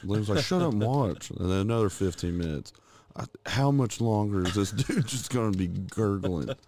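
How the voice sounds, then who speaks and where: Low gravelly man, crude banter. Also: normal speed, mellow, a little hiss or hum. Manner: crude, laughing, acts out silly voices. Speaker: podcast co-host. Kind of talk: crude casual chat.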